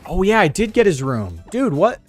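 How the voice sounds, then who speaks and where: A young man with a sore throat giving slangy, excitable commentary while playing a video game. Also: high-pitched, moderate pace, soft background music. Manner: slangy, excitable, lots of "dude" and "bro". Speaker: gaming video host.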